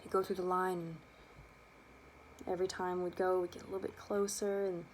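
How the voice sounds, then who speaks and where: A young adult woman telling a personal childhood story, lively and animated, acting out the quotes. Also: on the low side, brisk, slight background noise. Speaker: student storyteller.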